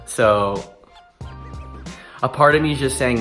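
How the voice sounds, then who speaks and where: A man's voice: medium pitch, slow, a bit bright, faint music behind. A man in his twenties talking earnestly in a casual vlog, emphatic and given to restarts. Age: 20s. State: emotional, close to tears. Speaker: vlogger.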